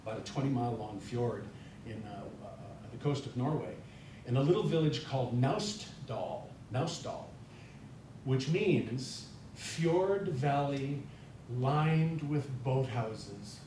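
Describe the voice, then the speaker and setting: Male guest speaker from North Dakota, rambling and folksy, heard from a distance in a very echoey church hall with a faint rumble. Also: animated, takes it slowly, warm tone. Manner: chatty, self-deprecating, many fillers and restarts. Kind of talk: informal sermon talk. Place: church sanctuary.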